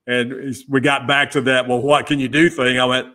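A middle-aged man guesting on a podcast, a former pit crew member, tells stories in a casual interview at a medium pitch and normal speed. He's a lively storyteller who acts out the dialogue he quotes.

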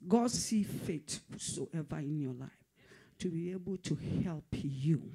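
A man's voice: on the high side, expressive, a little slow, gravelly, dark tone, husky. A man preaching a fervent prophetic sermon, repeating phrases and at times dropping to a whisper. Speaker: pastor.

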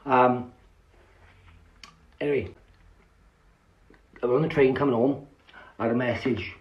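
A man rambles through a story in casual chat, swearing in nearly every sentence and restarting his words as he goes. His voice sits at a middling pitch. The sound is muffled and lo-fi, like a phone recording. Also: measured pace. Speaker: social media storyteller.

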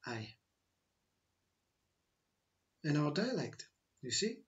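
A man giving a slow, reflective spiritual talk, repeating his phrases as he teaches. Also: on the high side, animated, dull audio. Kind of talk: spiritual monologue.

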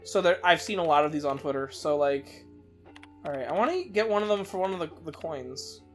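A let's-play host giving casual, excitable commentary while playing, leaning on "like" fillers and swapping swear words for a silly stand-in. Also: medium pitch, brisk, faint music behind. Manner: excitable, many "like" fillers, swaps swears for "floof".

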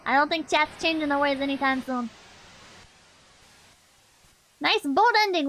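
A woman's voice: sits high, a little fast, hardly any pauses, background noise. A woman streamer giving casual, brash game commentary, swearing often and laughing a lot.

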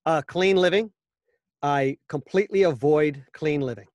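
A man's voice: a little high, moderate pace, a little mellow, no room sound, highs cut off. A middle-aged man, a voice actor, chatting as an interview guest in a wry, joking, anecdotal way. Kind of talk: casual interview.

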